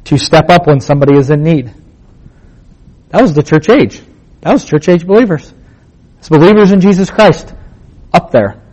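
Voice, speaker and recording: A man's voice: on the high side, moderate pace, pauses often, darkish tone, breathy edge, rough recording. Man preaching with emphatic repetition. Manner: rhetorical questions and emphatic repetition; plain conversational phrasing. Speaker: Bible teacher. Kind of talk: casual sermon.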